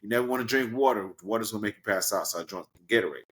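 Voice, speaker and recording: A man from Brooklyn, a guest in an interview, telling a story casually and animatedly, acting out the people in it with big leaps in pitch. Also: rapid-fire, fairly bright tone, a little hiss or hum. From Brooklyn, New York. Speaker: guest, professional wrestler.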